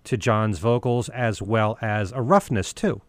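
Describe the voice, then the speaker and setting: A man's voice: fairly low pitch, measured pace, dry recording. A man who hosts a radio show, chatting about music and asking his co-host pointed questions. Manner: questioning, conversational. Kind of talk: casual music discussion.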